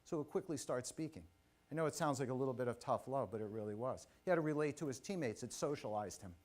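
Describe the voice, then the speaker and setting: On a conference stage before a live audience, a middle-aged man with a mid-range voice delivers a motivational keynote. He tells a personal story in an animated way, tossing in quick asides and questions to engage the crowd.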